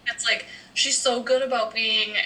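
A young woman in casual chat, chiming in eagerly with quick agreement. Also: a little high, steady tone, pushed and bright, recorded from a distance, poor audio.

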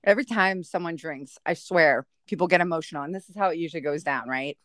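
A woman's voice: low voice, fast, a bit bright, dry recording, studio quality. A woman chatting casually as maid of honor, blunt and playful, often laughing. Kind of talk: casual chat.

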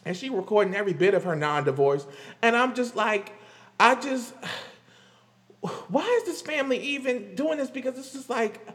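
Man, high-pitched, casual pop-culture commentary, frequent laughter, stammering restarts, reverberant room. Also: lively intonation, moderate pace, a bit bright. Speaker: vlogger.

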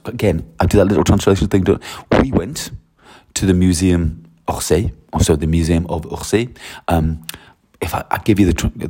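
A man's voice: deep voice, dark tone, husky. A man who teaches French, explaining his methods in a chatty, enthusiastic way and reading French example sentences aloud. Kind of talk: casual explanation to camera.

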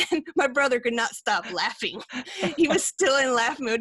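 A woman's voice: on the high side, expressive, normal speed, pushed and bright, no room sound. A woman co-hosting a podcast, talking in a candid, rambling way with many fillers. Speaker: podcast co-host. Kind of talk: casual chat.

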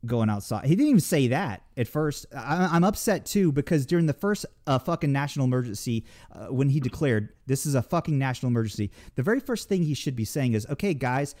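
A man's voice: mid-range voice, very animated, brisk, few pauses, a little mellow. A man in casual podcast chat, ranting with heavy swearing and many restarts. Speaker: podcast co-host.

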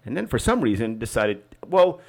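A man's voice: mid-range voice, big pitch swings, normal speed, creaky. A man co-hosting a casual comedy podcast, telling stories with jokes, swearing and frequent laughter. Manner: joking, profane storyteller who laughs often. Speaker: podcast co-host.

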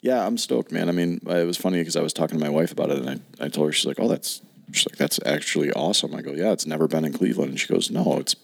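A man's voice: extremely low pitch, racing, creaky. A man talking casually and joking with friends about local events. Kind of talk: casual chat.

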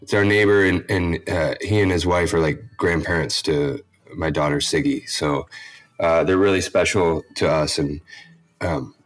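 A man's voice: low voice, moderate pace. A man hosting a podcast in casual chat, gushing and effusive, with lots of "um" and "uh". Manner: warm-hearted, gushing, loose with fillers. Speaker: podcast host.

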